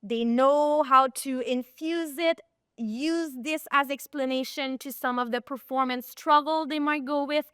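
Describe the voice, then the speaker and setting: A woman guest on a podcast interview, a performance coach telling animated stories and sometimes searching for words. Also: high-pitched, measured pace, no echo, clean studio sound.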